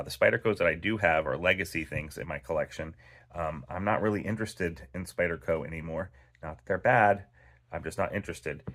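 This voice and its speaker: Low-voiced man telling a rambling story. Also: bright, forceful tone. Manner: rambling and conversational, with many fillers. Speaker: knife channel host. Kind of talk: casual storytelling while cleaning a knife.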